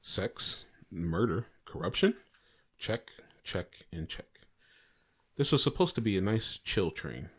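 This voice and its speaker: A man hosting a podcast quiz segment, reading a movie clue with playful dramatic pauses. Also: low voice, very animated, slightly rough.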